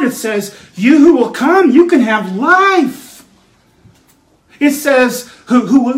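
A man's voice: extremely high pitch, fairly bright tone, roomy sound, low-quality recording. A man preaching a sermon as pastor, earnest and emphatic, building his points through repeated phrases.

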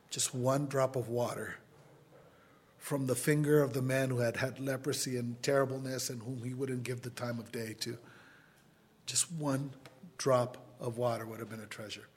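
A man preaching a sermon as pastor, pleading with his listeners and swinging between loud appeals and quiet asides. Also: mid-range voice. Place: church sanctuary.

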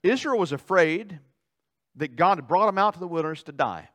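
A male pastor preaching a sermon in a church, animated, swinging between loud dramatic outbursts and quiet asides. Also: high voice, a little fast. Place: church sanctuary.

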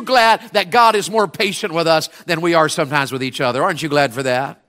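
A middle-aged man delivers a sermon in a high, bright and ringing voice. He preaches call-and-response style to the congregation. He swings from hushed asides to shouted climaxes. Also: fairly quick, hardly any pauses. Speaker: pastor.

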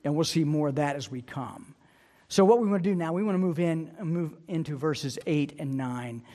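A man's voice: a little high, moderate pace, dark tone. A male pastor preaching a sermon, earnest and emphatic, repeating key phrases to drive a point home.

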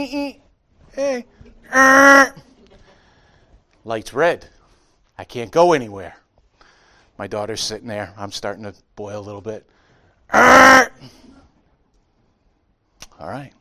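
A middle-aged man preaching a sermon as pastor, telling stories with lively impressions. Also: fairly low pitch. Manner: animated storytelling with honking impressions.

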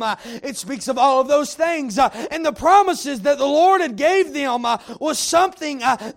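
High gravelly preacher man. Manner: heavy "uh" fillers, rising to shouts. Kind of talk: sermon.

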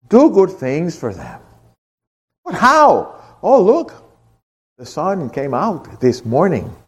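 A man preaching a sermon, swinging from hushed, low lines to loud, impassioned ones. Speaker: pastor.

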